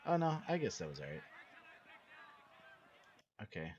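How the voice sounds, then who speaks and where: Blunt low-voiced coach breaking down film. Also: male voice, sing-song, unhurried, darkish tone, slight background noise. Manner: blunt, swears casually, repeats himself. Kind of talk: casual game film breakdown. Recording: dull lo-fi recording.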